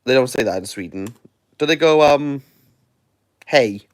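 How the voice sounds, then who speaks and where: A man's voice: mid-range voice, animated, normal speed, clean tone, no room sound, clean studio sound. A Welsh man reviewing books in a rambling, jokey, playfully sarcastic livestream chat into his phone. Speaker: book reviewer.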